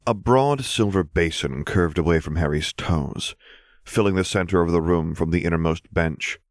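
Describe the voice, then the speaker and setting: A man reading a fan fiction story aloud as an audiobook narrator, steady and measured. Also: low-pitched, no echo, studio quality.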